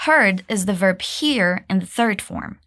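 A woman teaching an English pronunciation lesson, drilling phrases for learners to repeat and praising them warmly. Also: animated, unhurried. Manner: encouraging, drills repetition, pitch leaps on praise.

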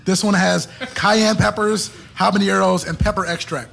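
A man's voice: high-pitched, steady tone, moderate pace, vocal fry, fairly bright tone. A man hosting a casual podcast chat, upbeat and jokey while his mouth burns from hot sauce. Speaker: podcast host.

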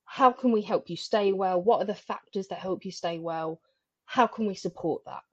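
A woman speaking as a podcast guest in a candid, animated way, often laughing between phrases. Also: mid-range voice, normal speed, no echo. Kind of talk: candid conversational interview. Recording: dry, slightly dull lo-fi sound.

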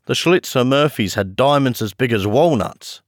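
A man's voice: mid-range voice, expressive, moderate pace, no echo, clean studio sound, pitched above the performer's own voice, natural voice. A man voicing a polite, eager teenage schoolboy in a storybook reading.

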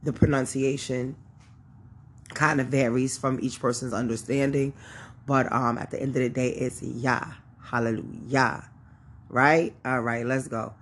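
Husky-voiced woman doing a laid-back bible reading, chatty asides, lots of ums. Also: very deep voice, little pitch movement, unhurried. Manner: chatty, informal asides with frequent fillers. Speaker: Bible teacher. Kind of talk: casual scripture reading and teaching.

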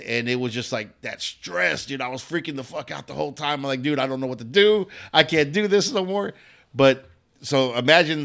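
A man's voice: medium pitch, gravelly, fairly bright tone. A male comedian on a podcast, telling a story casually, swearing often and stumbling over repeated words. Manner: rambling, swearing, repeats words at the start of lines. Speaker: guest comedian.

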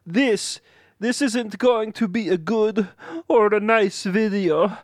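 A man reading a grieving young man in a table read, high and halting. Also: dry recording, studio quality.

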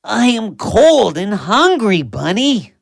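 Voiced by a woman, this is a cold and hungry male wolf from a bedtime story, with a gravelly, rough edge to his voice. He talks slowly, and his pitch rises and falls a lot. The sound is close and dry. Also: very animated, no room sound, heavily acted. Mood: grumpy.

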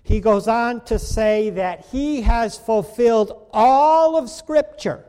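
Slow, high-voiced pastor in echoing church. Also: male voice, dark tone, clean tone. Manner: slow, emphatic preaching with dramatic pauses. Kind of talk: sermon. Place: church sanctuary. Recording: long reverb of a church hall.

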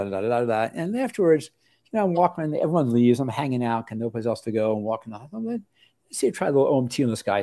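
An older man, an osteopathic family doctor, telling stories in a rambling way with many restarts. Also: mid-range voice. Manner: rambling, with many restarts and lively acted quotes. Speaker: osteopathic family physician, interview guest. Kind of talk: relaxed storytelling in an interview.

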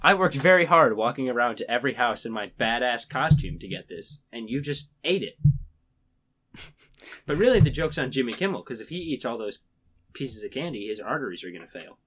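A young man co-hosting a podcast in casual chat. His pitch swings widely as he jokes, and he keeps slipping into voices for the people he mocks. The talk is loose, quick-witted and ribbing. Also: big pitch swings, fairly bright tone, slight background noise. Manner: joking, acts out quoted voices. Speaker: podcast co-host.

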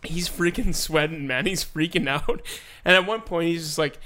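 Young male co-host, brighter and slightly higher voice than most men, animated storyteller who mimics others and laughs a lot. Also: normal speed. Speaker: podcast co-host. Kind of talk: casual chat.

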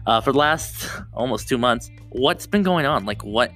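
A man's voice: medium pitch, expressive, moderate pace, fairly bright tone, soft background music. A young man hosting his own podcast, rambling casually and restarting his sentences often, close to the mic. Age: young adult. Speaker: podcast host. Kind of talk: solo podcast chat.

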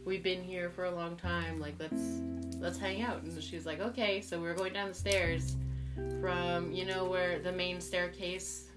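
Young female co-host, casual, foul-mouthed storyteller, loud guitar music behind her. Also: fairly low pitch, little pitch movement, measured pace. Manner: swears a lot, laughs through the story. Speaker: podcast co-host.

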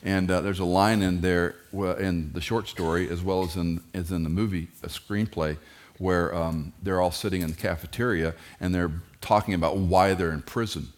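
A middle-aged man preaching a sermon, animated and joking, who jumps into high mock voices when quoting kids and parents. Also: normal speed. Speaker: pastor.

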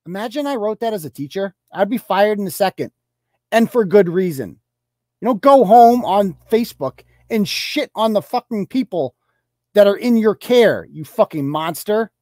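A man's voice: high voice, lively intonation, moderate pace, a little mellow, no echo, studio quality. Sarcastic, profane man ranting on a podcast. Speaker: podcast host. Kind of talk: ranting commentary on social media posts.

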